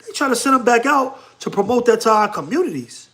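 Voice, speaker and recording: High-voiced laughing New York man. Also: animated, brisk, pushed and bright. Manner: laughs often, slangy, talks to chat. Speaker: livestream host. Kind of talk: casual livestream chat reading comments.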